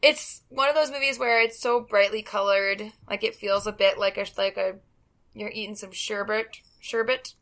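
Chatty woman with a bright voice. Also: mid-range voice, fairly even intonation, moderate pace. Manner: chatty, hesitant, laughs easily. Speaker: podcast co-host. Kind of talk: casual chat.

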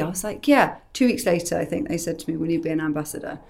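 A woman's voice: fairly low pitch, fast talker, gravelly. A woman in her thirties, a makeup artist chatting casually and acting out the people in her stories. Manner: animated storyteller who acts out quoted voices. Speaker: makeup artist and brand ambassador. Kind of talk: casual chat.

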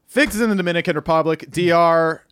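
A man's voice: a little high, a little fast, fairly bright tone, clean tone. A man hosting a casual comedy podcast, rambling and joking with many restarts and laughs. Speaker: podcast host.

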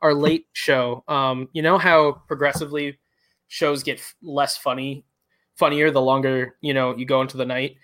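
A man's voice: medium pitch, little pitch movement, moderate pace, a bit bright. A man co-hosting a late-night podcast stream, joking dryly and reading out viewer comments. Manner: dry, joking, trailing off. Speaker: podcast co-host. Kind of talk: casual chat.

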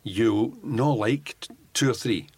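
An older Scottish man, a former undercover police officer, telling animated stories in an interview and laughing often as he acts out what people said. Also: mid-range voice, takes it slowly, slightly rough, no echo. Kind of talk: anecdotal storytelling in an interview.

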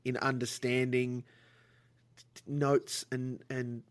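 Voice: mid-range voice, little pitch movement. A podcast host who interviews a guest in a playful, teasing way. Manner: playful and teasing, asks quick questions. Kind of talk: casual interview.

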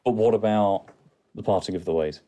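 A man co-hosting a podcast, chatting in a relaxed, easygoing way. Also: lowish voice, a little fast. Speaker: podcast co-host. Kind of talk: casual chat.

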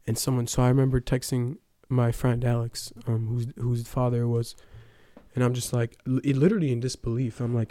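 A man's voice: medium pitch, little pitch movement, brisk, warm tone, no echo. A young man giving a casual personal testimony, telling his story with lots of fillers like "um" and "like". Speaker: testimony speaker.

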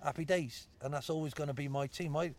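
A man's voice: fairly high pitch, steady tone, fairly quick, a little mellow. A middle-aged man with a Bristol accent, a former footballer chatting casually, blunt and anecdotal, swearing freely and calling people mate. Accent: Bristol English. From Bristol, England. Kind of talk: casual chat.

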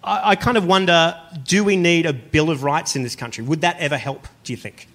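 Male comedy host, bright, fairly high, teasing, live on stage. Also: fairly quick. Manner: teasing, joking, with restarts. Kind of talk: live comedy panel hosting. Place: theatre stage before a live audience.

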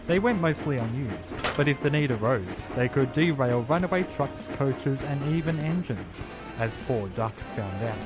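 A man reading a children's railway story in a slow, measured storytelling manner. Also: mid-range voice, expressive. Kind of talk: scripted storybook narration. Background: music.

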